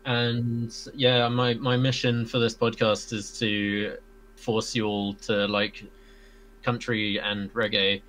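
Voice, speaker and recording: A man's voice: lowish voice, level tone, slow, a bit bright. A man on a band podcast, speaking offhand and a little hesitant. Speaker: podcast co-host. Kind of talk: casual podcast chat.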